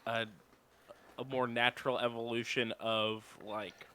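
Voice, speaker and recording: A man playing a tabletop game in casual chat, musing and thinking out loud. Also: mid-range voice, level tone, a little slow, a little hiss or hum.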